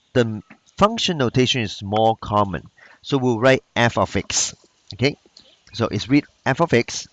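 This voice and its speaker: A man teaching math in a recorded lesson. He speaks patiently, repeats each key point, and talks in plain phrasing with loose grammar. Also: mid-range voice.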